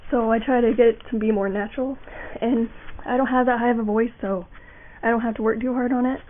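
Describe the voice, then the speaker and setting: A woman's voice: a little high, fairly even intonation, a little fast, a little hiss or hum. A young woman giving a casual voice acting how-to, rambling with fillers and restarts. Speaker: voice acting tutorial maker. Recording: tinny lo-fi home mic.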